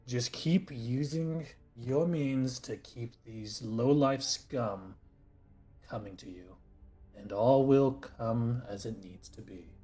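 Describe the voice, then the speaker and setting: Man as a commanding golden knight, curt, condescending, mid-pitched, faint music. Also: takes it slowly, warm tone, husky. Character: cold, commanding male knight in golden armor.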